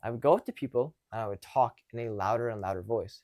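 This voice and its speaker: A man's voice: medium pitch, quick pace. A man coaching social confidence, talking casually to camera and acting out example conversations. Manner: animated, acts out example conversations; loose, conversational with frequent restarts.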